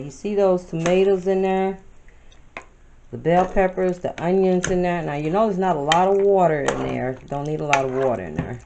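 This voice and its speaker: A woman's voice: low voice, far from the mic. Woman, home cooking vlogger, casual chat to camera, roomy noisy kitchen. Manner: chatty, addresses viewers as y'all, talks while working.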